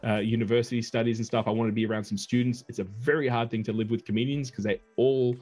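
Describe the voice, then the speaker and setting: A man's voice: medium pitch, fairly even intonation, fast, darkish tone, faint music behind. A man, a podcast guest, telling a long casual anecdote in a chatty, digressive way.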